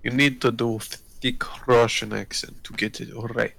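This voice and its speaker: Gravelly man joking on a voice call. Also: medium pitch, level tone, unhurried, fairly bright tone, no room sound. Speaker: co-player on a voice call. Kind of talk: casual gaming chat.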